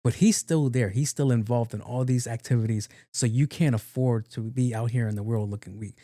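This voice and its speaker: A podcast host retells a film's story in a loose, slangy, profane way, like a casual recap. His mid-range voice is steady and warm and moves a little fast, recorded in a clean studio with no echo.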